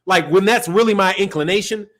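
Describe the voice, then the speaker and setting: A man's voice: high voice, brisk, a bit bright. A man from Chicago with a Chicago accent, hosting a live boxing stream in a loose, profane, rambling way with frequent laughs. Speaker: boxing channel host. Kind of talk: casual live-stream rant.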